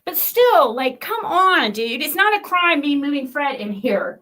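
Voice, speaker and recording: Middle-aged woman vlogger, high and piercing, heated profane rant that swings from muttering to yelling. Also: very animated, measured pace. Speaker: vlogger reacting to online critics.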